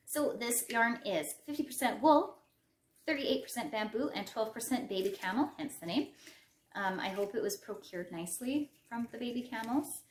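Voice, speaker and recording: A middle-aged woman with a Western Canadian English accent talks through her crochet projects in a loose, rambling way, tossing in self-deprecating asides. Her voice sits at an ordinary middle pitch for a woman. It rings a little in a roomy, echoey space. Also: slight background noise. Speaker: crochet podcast host. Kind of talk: casual show-and-tell chat. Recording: roomy echo.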